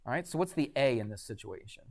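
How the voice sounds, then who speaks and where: A man's voice: medium pitch, lively intonation, quick pace. A man teaching a math class in a classroom, chatty and quizzing students with frequent questions. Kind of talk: classroom lecture.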